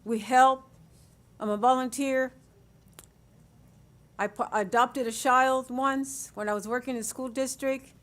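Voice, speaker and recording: An older woman volunteer giving a warm, rambling public comment at a hearing. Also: high voice, steady tone, measured pace, long pauses. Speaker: senior volunteer.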